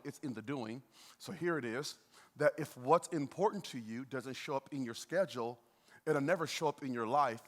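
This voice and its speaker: A man preaching a sermon as a pastor, in a lively, conversational way, with playful asides to the congregation. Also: fairly high pitch. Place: church auditorium. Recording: long hall reverb.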